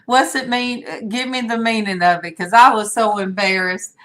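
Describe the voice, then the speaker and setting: A woman's voice: a little high, fairly even intonation, normal speed, fairly bright tone. An older woman hosting a casual livestream chat over a video call, rambling and greeting viewers by name. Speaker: livestream host.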